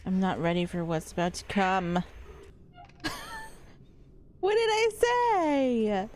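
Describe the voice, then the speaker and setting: A woman's voice: medium pitch, expressive, slow pace, slight background noise. A woman streamer commentating live gameplay, jumpy and swearing often as she talks to her chat. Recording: loud music behind voice.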